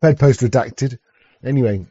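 A man's voice: medium pitch, moderate pace, dark tone, breathy edge, no room sound, muffled recording. A man streaming, commenting sarcastically on clips with crude jokes and lots of stammered restarts. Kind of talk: casual mocking commentary.

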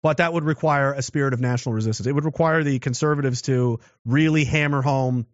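Speaking quickly at a medium pitch, this Canadian man gives a political monologue that wanders, restarts, and leans on rhetorical questions. There's no echo, and the audio sounds dull, dry, and lo-fi.

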